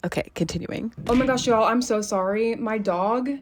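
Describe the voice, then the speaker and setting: A woman's voice: a little high, normal speed. A woman in her twenties chatting at home, telling her story to viewers in a casual, talkative way. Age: 20s. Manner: chatty, addresses viewers as y'all. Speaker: vlogger.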